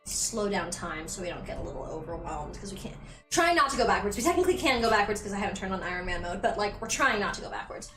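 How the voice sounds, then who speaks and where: A woman's voice: medium pitch, very animated, fast talker, far from the mic, music in the background. Chatty young woman streamer, echoey room. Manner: chatty, sarcastic, swears casually. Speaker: gaming streamer. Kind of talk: casual gameplay commentary. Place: home room.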